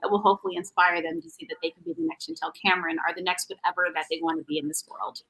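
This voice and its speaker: Woman, talk show host, quick delivery, bright tone, effusive. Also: lowish voice, steady tone, slightly rough, poor audio. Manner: effusive, encouraging. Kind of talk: sports talk interview.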